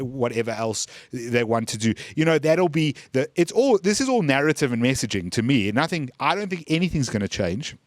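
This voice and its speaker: A man's voice: mid-range voice, big pitch swings, a little fast, few pauses, no room sound. A man co-hosting a political podcast, blunt and opinionated, with dry jokes. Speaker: podcast co-host. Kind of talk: casual political chat.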